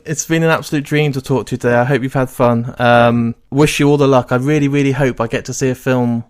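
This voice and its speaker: A podcast host with a medium-pitched, steady, smooth voice talks at a quick pace. Enthusiastic and effusive, he eagerly interviews a guest and then wraps up the episode with outro talk.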